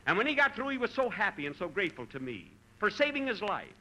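A man hosts a 1940s radio comedy show with a very bright, ringing voice. His pitch moves around a lot, and he shifts between dry, put-upon replies and mock-dramatic storytelling. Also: sing-song, fast talker, rough recording.

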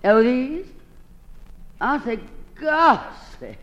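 A woman's voice: high-pitched, big pitch swings, drawn-out words, lo-fi sound. A woman hosting an old-time radio comedy monologue, delivering it in a theatrical drawl and calling everyone darling.

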